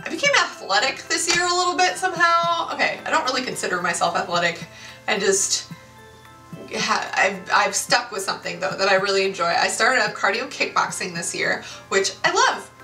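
A woman's voice: mid-range voice, animated, moderate pace, pushed and bright, echoey room. Chatty bubbly girl late 20s vlogging, kinda far from the mic, music going behind. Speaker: YouTuber. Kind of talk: casual chat to camera.

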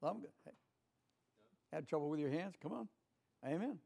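A man's voice: on the high side, lively intonation, normal speed, gravelly, warm tone, husky. An older man with a Southern American accent teaching a folksy Bible lesson in a church class, chatty and often asking the room for an amen. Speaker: Sunday school teacher.

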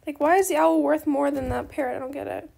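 High-pitched gravelly young woman chatting. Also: steady tone, quick pace, dark tone. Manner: chatty and rambling, peppered with slang like bestie and slay; apologetic, gushing reactions to other players. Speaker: gaming video creator. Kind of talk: casual chat while playing a game.

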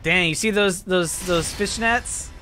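A man hosting a reaction video to game trailers, talking in an excitable, animated way with quick exclamations. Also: high-pitched. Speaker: host. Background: faint trailer music.

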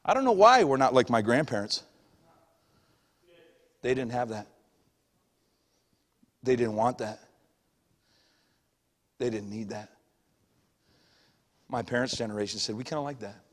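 A middle-aged male pastor preaching a sermon, moving between shouted passages and hushed asides, recorded in a church sanctuary. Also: medium pitch, lively intonation, a little slow, pauses often. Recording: long church hall reverb.

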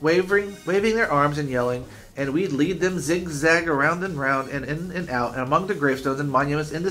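A man, a teacher, reading a chapter book aloud at an unhurried pace. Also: a little high, fairly bright tone.

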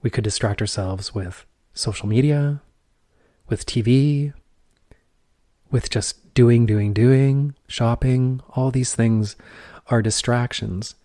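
A middle-aged man speaks earnestly into a close microphone, with a mellow, dark tone at a middle pitch. The sound is dry, with no room echo. His reflective monologue circles back on itself in repeated phrases and questions. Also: slow pace. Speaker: podcast host.

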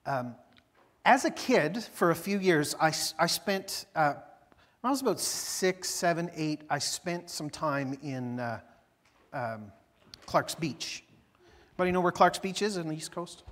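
Pastor, chatty storytelling sermon. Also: male voice, a little high, measured pace, big-room sound. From Newfoundland, Canada. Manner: conversational and animated, with frequent fillers and restarts.

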